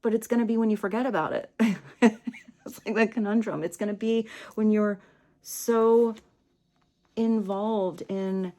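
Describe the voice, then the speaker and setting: A woman giving a casual tarot reading, gentle and chatty, dropping to soft near-whispers on spiritual lines and laughing often. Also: medium pitch, fairly even intonation, unhurried. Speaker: tarot reader. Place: home room with small table.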